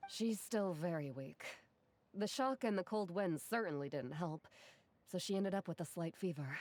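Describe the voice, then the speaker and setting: An actress voicing a gentle young woman in a video game who cares for her Saurian, speaking softly and reassuringly. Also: fairly low pitch, expressive, normal speed, lightly acted. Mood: apologetic. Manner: soft, caring, reassuring.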